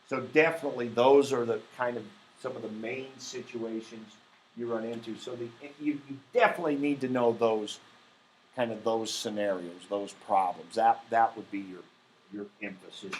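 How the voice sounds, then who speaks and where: A male math teacher lecturing his class in a casual, meandering way, stressing key words and filling pauses with "um" and "you know". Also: lowish voice, steady tone, slight background noise. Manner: informal, many fillers, emphatic stresses. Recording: echoey classroom.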